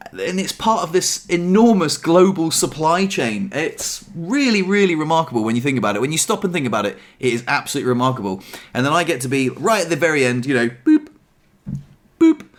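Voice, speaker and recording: A young man chatting casually in a self-deprecating, upbeat vlog about his life at home. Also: on the high side. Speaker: vlogger. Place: apartment.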